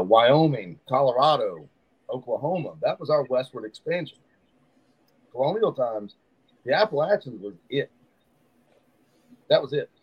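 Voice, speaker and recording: A man in a podcast studio spins yarns about backcountry fishing, slipping into the voices of the people he meets along the way. His tone is casual and his talk rambles like easy chat. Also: mid-range voice. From Southern United States. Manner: animated storyteller who acts out quoted locals. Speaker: fishing guide.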